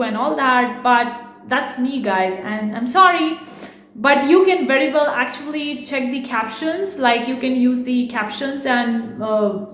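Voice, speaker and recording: Woman, high voice, rapid talker, frank and defensive, echoey room. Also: fairly bright tone. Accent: non-native English accent. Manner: fast-talking. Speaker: online business YouTuber. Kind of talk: casual talk to camera.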